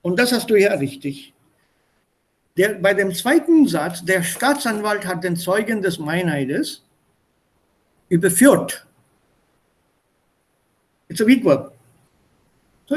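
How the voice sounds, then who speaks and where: A man teaching German in an online one-on-one lesson over a video call, patiently explaining by repeating synonyms. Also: high voice. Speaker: German tutor.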